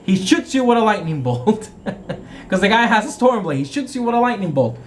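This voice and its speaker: A man's voice: high voice, very animated, moderate pace, a little hiss or hum. A man acting as game master, casually retelling a tabletop game session in a rambling way and often correcting himself.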